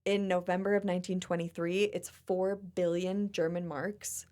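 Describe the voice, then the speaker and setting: A woman hosting a podcast in a chatty, expressive, casual way. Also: lowish voice, normal speed. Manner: chatty and expressive, often laughing. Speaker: podcast host. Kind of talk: casual chat.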